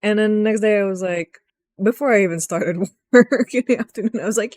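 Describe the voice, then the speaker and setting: A young woman recapping a video game in a rambling, excitable rant, swearing often and jumping up in pitch when frustrated. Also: brisk, no room sound. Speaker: gaming vlogger.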